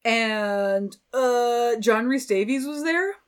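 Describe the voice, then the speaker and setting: A chatty young woman with a fairly high voice talks as a guest on a podcast. She tells stories with lots of filler words and animated energy. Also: slow, clean tone. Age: young adult. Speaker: violinist guest. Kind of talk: casual interview chat.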